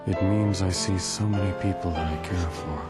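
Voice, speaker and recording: An actor playing a weary, stoic immortal warrior who speaks in a calm, subdued way. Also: male voice, deep voice, moderate pace, over loud music, natural voice. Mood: solemn.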